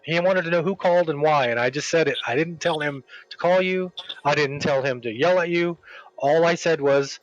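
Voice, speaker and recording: A man telling a long workplace story in casual chat while streaming a game, rambling and animated, acting out the people he quotes. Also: fairly high pitch, brisk, no room sound, muffled recording.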